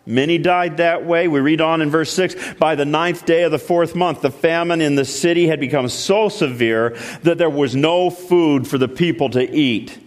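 Male pastor, fairly high voice, emphatic stop-start sermon delivery, church hall with a long echo. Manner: emphatic preaching with many repeated starts, dropping low and slow for weight. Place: church sanctuary. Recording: long reverb of a large hall.

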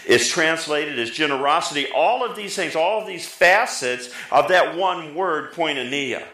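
A middle-aged man preaching a sermon as pastor, lively, often rising in pitch for emphasis and drawing answers from the congregation. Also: normal speed, reverberant, rough recording. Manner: lively, pitch jumping up for emphasis, talks back and forth with the congregation.

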